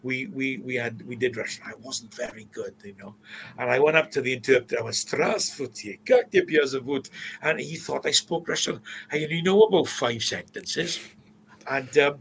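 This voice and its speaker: A Welsh man in his sixties, a stadium announcer, telling stories in an interview with animated anecdotes and frequent restarts. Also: medium pitch, a little hiss or hum, rough recording. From Swansea, Wales. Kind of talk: casual storytelling interview.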